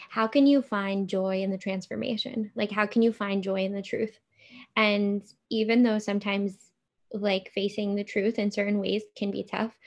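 A woman co-hosting an astrology chat, with a raspy voice and an earnest, encouraging way of talking. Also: medium pitch. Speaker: podcast co-host.

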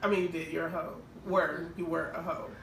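A woman's voice: low voice, flat delivery, a little fast, vocal fry, a little hiss or hum. A woman co-hosting a casual podcast, chiming in with short teasing reactions. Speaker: podcast co-host. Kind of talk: casual chat. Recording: roomy, distant mic with faint ambience.

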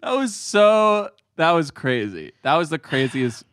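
Brief: male podcast co-host, lively swooping delivery, slightly high voice, dry close mic. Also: a little slow, dry recording. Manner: animated, quoting scenes in excited voices. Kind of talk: casual chat.

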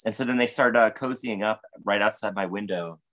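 A man's voice: fairly low pitch, a little fast, a bit bright, slight background noise. A man telling a rambling, profane, comedic story in casual podcast chat. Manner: profane, rambling, with frequent fillers. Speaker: podcast guest or host.

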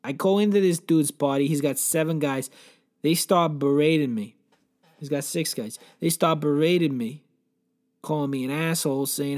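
A man's voice: a little high, moderate pace. A man hosting a comedy podcast, telling a crude, rambling, profane story in a brash, joking rant.

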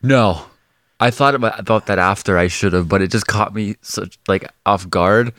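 A man's voice: lowish voice, normal speed, fairly bright tone, dry recording, clean studio sound. A man co-hosting a podcast, telling a story in casual chat, rambling and laughing often, swearing freely. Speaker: podcast co-host.

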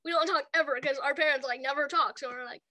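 A young woman chats casually in a high, bright voice, telling rambling stories and giggling between lines. She acts out what people said as she goes. The sound is dry and close. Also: steady tone, fast talker, no room sound. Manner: giggly, rambling storyteller who acts out quotes. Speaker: chat partner. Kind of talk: casual chat.

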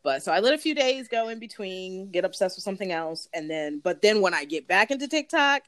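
A woman's voice: mid-range voice, animated, brisk, fairly bright tone, no echo, studio quality. A woman co-hosting a casual podcast chat, slangy and talkative, laughing often. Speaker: podcast co-host.

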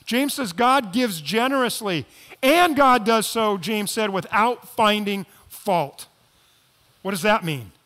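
A man preaching a sermon as pastor, moving between quiet, low asides and loud, emphatic appeals. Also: lively intonation, slow pace. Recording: long hall reverb.

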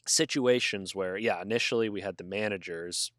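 A man's voice: lowish voice, moderate pace, a bit bright, no room sound, clean studio sound. A man co-hosting a casual sports podcast, talking bluntly and swearing freely as he rambles through his points. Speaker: podcast co-host. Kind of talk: casual chat.

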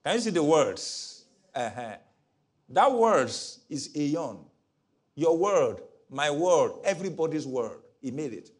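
A middle-aged man preaching a sermon as pastor, animated, acting out voices from his stories. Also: a little high, takes it slowly. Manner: animated, mimics voices in stories, laughs often.

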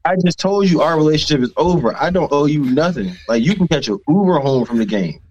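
A man's voice: on the high side, expressive, fast talker, darkish tone, muffled recording, slight background noise. A man co-hosting a podcast in a loose, profane casual chat, laughing often as he talks.

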